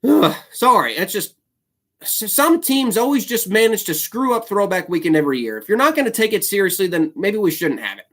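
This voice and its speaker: This YouTube host runs his own solo video show, starting casually before sliding into a heated, apologetic, fired-up rant. His high voice swings widely in pitch at a brisk clip, and he fills his talk with fillers and restarts.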